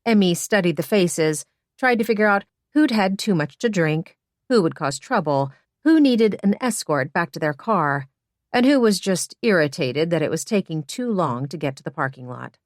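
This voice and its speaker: A woman narrates a story in a lower-than-usual voice. She reads plainly and gives the characters light voices of their own. The sound is close and dry, with no room in it. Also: lively intonation, normal speed, no room sound. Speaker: audiobook narrator. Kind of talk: scripted narration.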